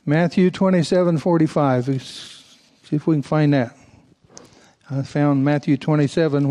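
Preaching to his congregation, this pastor has a rather high, gently mellow male voice. He alternates between reading scripture and dropping folksy asides, getting louder whenever a passage calls for emphasis.

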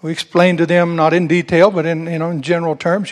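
Fervent high-voiced man preaching a sermon. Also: level tone, fairly quick. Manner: storytelling, rising to fervent preaching. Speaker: pastor. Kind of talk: sermon with personal story.

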